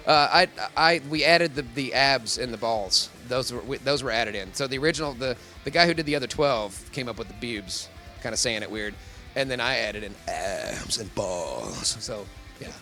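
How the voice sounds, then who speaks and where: A man's voice: mid-range voice, expressive, moderate pace, pushed and bright, soft background music. A man who works as a professional voice actor, talking in a casual convention interview, rambling and laughing often.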